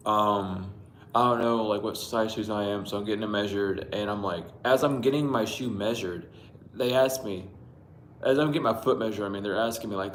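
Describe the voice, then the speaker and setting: A livestream host reads out his dreams in a rambling, casual way, swearing, laughing often and greeting viewers by name. His voice is lowish and moderately paced, captured on a Bluetooth mic in an echoey room with a slight hiss or hum.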